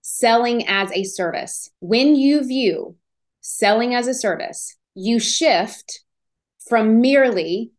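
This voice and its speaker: A woman hosting a podcast, giving an energetic, emphatic motivational talk on business and selling. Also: on the high side. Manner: energetic, emphatic, acts out inner voices. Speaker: podcast host.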